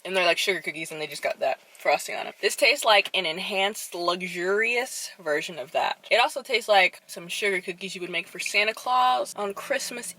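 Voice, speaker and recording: A young woman vlogging from her car in a chatty, animated way, with dramatic reactions. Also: medium pitch, normal speed, few pauses, a little hiss or hum. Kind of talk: casual chat. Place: inside her parked car. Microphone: camera.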